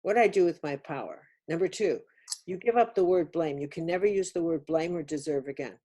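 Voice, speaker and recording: Emphatic older woman teaching, husky and mellow. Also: fairly low pitch, a little fast. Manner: emphatic, insistent, repeats key words. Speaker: speaker on a webinar. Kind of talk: spiritual teaching talk.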